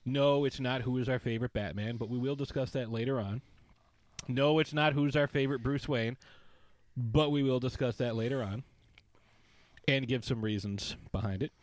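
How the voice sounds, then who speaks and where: A man's voice: mid-range voice, moderate pace, no echo. Playful man co-hosting a podcast. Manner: playful, jokey, rambling asides. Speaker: podcast co-host. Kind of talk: casual podcast banter.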